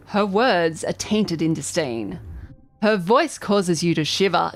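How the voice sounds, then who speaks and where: Chatty, excitable woman streamer. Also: lowish voice, a little slow, dry recording. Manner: excitable, chatty, self-deprecating. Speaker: vtuber streamer. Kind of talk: live game streaming and reading game text aloud.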